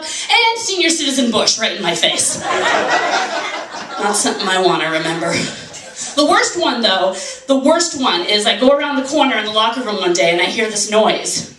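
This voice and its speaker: A woman in her forties performs brash, swearing stand-up with mock-outraged rants, her fairly high voice a bit bright with a little hiss or hum. It's filmed on a handheld camera from the audience, giving roomy, distant club sound with audience laughter.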